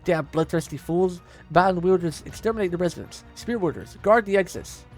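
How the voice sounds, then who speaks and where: A man's voice: sits high, soft background music, pitched above the performer's own voice. A man doing a ruthless soldier commander. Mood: commanding. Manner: barking orders, slow and clipped. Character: harsh male soldier commander, cold and ruthless.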